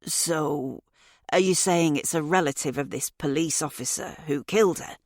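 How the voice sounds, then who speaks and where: Woman voicing an anxious grieving dad, hushed and worried, low voice, dry sound. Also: normal speed, no room sound. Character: anxious, grieving middle-aged husband and father.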